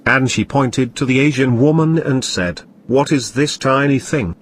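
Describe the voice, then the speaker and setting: A man narrating a scripted comedy story in a flat, matter-of-fact way. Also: medium pitch, unhurried.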